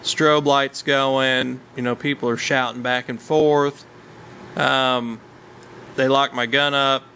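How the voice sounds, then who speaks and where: A man's voice: mid-range voice, creaky, pushed and bright, a little hiss or hum, low-quality recording. A man casually recounting a hunting trip, rambling along with many ums and uhs. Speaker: hunter telling a story. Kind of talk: casual storytelling chat.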